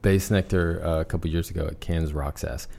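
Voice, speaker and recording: Man, very deep voice, laid-back, agreeable, casual podcast chat, filler-heavy. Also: steady tone, a little fast, vocal fry, darkish tone. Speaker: podcast co-host.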